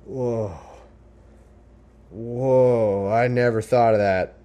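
A man's voice: medium pitch, steady tone, very slow, warm tone, muffled recording. A man voicing a dopey male soldier who is wowed by a simple line. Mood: amazed. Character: awestruck male soldier, dazed dude.

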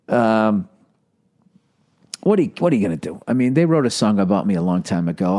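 A middle-aged comedian telling a story in a loose, rambling monologue. He swears constantly, mocks himself, and breaks into animated rants, all in a mellow, dark-toned voice. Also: medium pitch, fast talker. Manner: profane, self-deprecating, animated ranting. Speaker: comedian podcast host.

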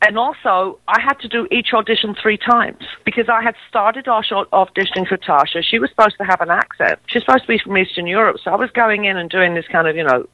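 An English actress in her fifties with a mid-Atlantic accent, telling stories in a casual interview. She is animated and uses many fillers and restarts. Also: medium pitch, no echo. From England. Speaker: actress guest. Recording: dull, dry lo-fi recording.

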